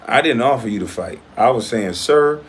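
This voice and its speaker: A man's voice: on the low side, animated, a little fast, a little hiss or hum. A man hosting his own livestream, talking in a casual, blunt and profane way as he confronts a critic. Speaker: livestream host.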